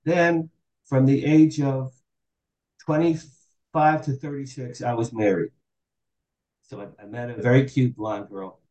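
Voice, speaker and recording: A man in his sixties, guesting on a podcast, tells candid stories in a mid-range voice, unhurried and pausing often. The audio is poor and reverberant, and he animatedly acts out the dialogue he quotes.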